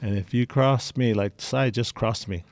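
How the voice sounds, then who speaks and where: A man's voice: mid-range voice, moderate pace, no echo. A middle-aged man telling personal stories in a casual interview, candid and blunt. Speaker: interview guest.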